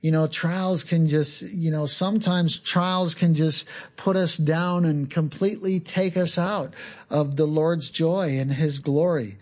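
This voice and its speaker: A man preaching an earnest, unhurried sermon, sometimes repeating words as he teaches. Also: on the high side, steady tone. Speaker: pastor.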